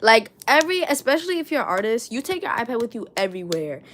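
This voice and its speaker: A woman's voice: fairly high pitch, big pitch swings, fast talker, a little hiss or hum. New york girl yapping on a home livestream, voice bouncing all over, swears a lot. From New York City. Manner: chatty and rambling, swears, reads viewer comments aloud. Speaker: crochet livestreamer. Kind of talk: casual livestream chat. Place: her room at home.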